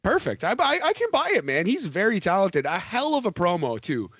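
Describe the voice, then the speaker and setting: A man's voice: high-pitched, huge pitch swings, brisk, fairly bright tone, husky, dry recording. A man co-hosting a podcast, talking casually and animatedly about wrestling, swearing and laughing often. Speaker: podcast co-host.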